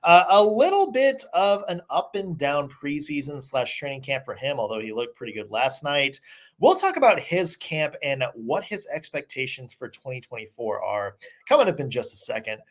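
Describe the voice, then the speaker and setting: Lively-voiced male podcast host. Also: on the high side, moderate pace. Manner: upbeat, conversational with many fillers. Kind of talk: casual sports podcast chat.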